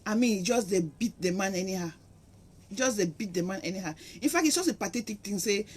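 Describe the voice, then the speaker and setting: A woman's voice: mid-range voice, animated, fairly quick, a little mellow, slightly rough. A middle-aged woman speaking Nigerian Pidgin English, giving an impassioned, preachy monologue to her viewers. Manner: impassioned and preachy, acts out quotes. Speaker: vlogger. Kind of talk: monologue to camera.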